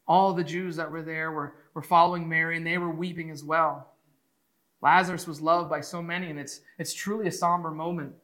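A man retelling a Bible story in an emotive, conversational way, moving from hushed to excited. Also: a little high, poor audio.

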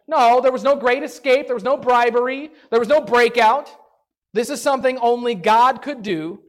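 A woman teaching a Bible story in a casual, animated way, chatty and full of "like", acting out the characters' lines. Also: on the high side. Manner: animated, acts out the characters' lines in quick voices; chatty, peppered with "like".

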